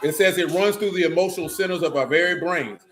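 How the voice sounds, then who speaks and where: A middle-aged man preaching in loose talk, joking and mocking with loud bursts. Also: high-pitched, fast talker. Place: church meeting room.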